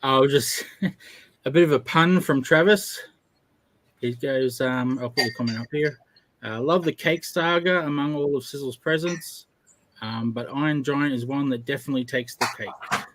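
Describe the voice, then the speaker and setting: A man's voice: medium pitch, moderate pace, fairly bright tone, a little hiss or hum. Laughing man hosting a stream. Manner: chatty, laughs often, reads out viewer comments. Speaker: livestream host. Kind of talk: casual livestream chat.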